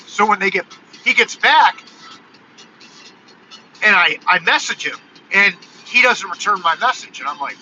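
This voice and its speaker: A man in his forties talking casually in a live vlog from his car, telling stories in an animated, ranting way. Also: sits high, normal speed, pauses often, a little hiss or hum. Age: 40s. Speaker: vlogger. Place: in a car on the road. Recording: dull lo-fi car recording with music. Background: techno music playing.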